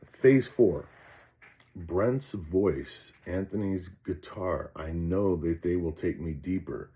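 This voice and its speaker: Older guy telling a personal story, deep mellow voice, halting, keeps repeating words. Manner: halting and earnest, with frequent restarts and repeated words. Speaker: retired police officer recounting an experience. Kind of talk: personal storytelling, reading from his own notes.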